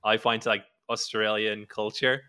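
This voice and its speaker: A man's voice: lowish voice, flat delivery, moderate pace, bright, forceful tone, clear, resonant tone. A man, a podcast co-host, talking in casual chat, rambling with many fillers and restarts. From Ireland.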